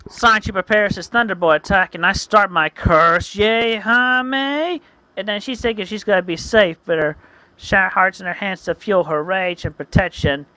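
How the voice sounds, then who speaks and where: A man's voice: sits high, moderate pace, bright, forceful tone, dry recording, low-quality recording. A man earnestly narrating his own comic as a story, often correcting himself mid-sentence. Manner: earnest, frequent self-corrections.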